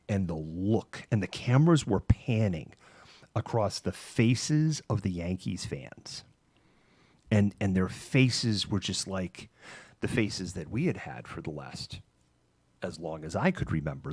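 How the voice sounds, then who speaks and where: A middle-aged man hosting a casual talk show, telling a long anecdote in an animated way, laughing between phrases and using many fillers. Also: deep voice, unhurried, breathy edge, no room sound. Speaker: host. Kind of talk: casual chat, anecdotal storytelling.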